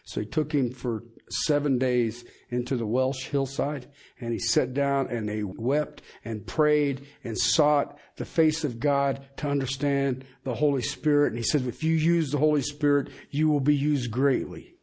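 A man's voice: medium pitch, measured pace, darkish tone, breathy edge. A middle-aged man preaching a sermon, emphatic and asking the congregation questions.

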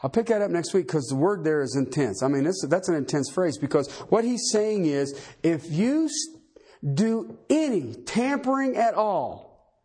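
A man preaching a sermon as pastor, emphatic, swinging between loud and low. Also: very animated, normal speed, breathy edge.

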